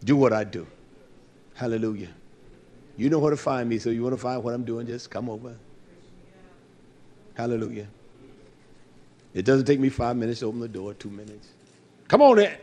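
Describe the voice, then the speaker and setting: A man's voice: medium pitch, moderate pace, pauses often, mellow. A male preacher delivering a fervent, blunt sermon, repeating his phrases and calling out to the congregation.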